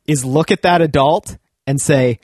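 A man's voice: on the high side, measured pace, a little mellow, dry recording, studio quality. A man in his thirties co-hosting a comedic podcast, joking playfully and teasing. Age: 30s. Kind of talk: comedic casual chat.

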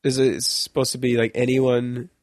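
A man's voice: medium pitch, level tone, normal speed, darkish tone, no echo. Rambling young man telling a story. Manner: rambling storyteller, laughs mid-sentence, swears casually. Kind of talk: casual podcast chat.

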